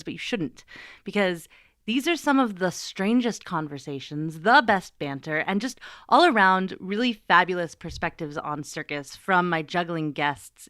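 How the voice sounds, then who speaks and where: A woman hosting a podcast, talking to listeners in a chatty, playful monologue with lively asides. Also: medium pitch, clean tone, dry recording, clean studio sound. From United States. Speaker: podcast host.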